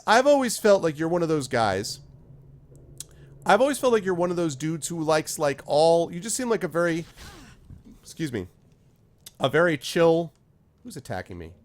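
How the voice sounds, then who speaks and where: A man streaming a game, chatting casually with viewers by name in a rambling way while he plays. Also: fairly high pitch. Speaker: streamer reading chat while playing. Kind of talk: casual live-stream chat.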